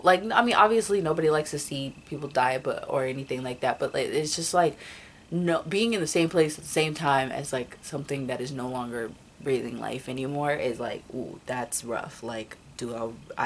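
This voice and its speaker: A young woman telling a personal story in a casual vlog, rambling with many fillers and restarts. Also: low voice. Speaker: vlogger.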